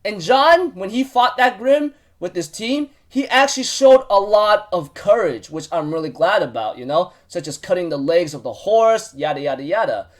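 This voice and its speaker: Male host, higher-pitched voice, casual rambling recap with excitable bursts. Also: moderate pace, hardly any pauses. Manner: rambling, many fillers and restarts.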